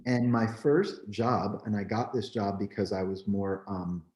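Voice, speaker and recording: A man from New Jersey, a photographer, telling his story in an animated, candid way, peppering his talk with "like" and "you know.". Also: fairly low pitch, measured pace. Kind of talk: storytelling in a conversation. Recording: roomy echo.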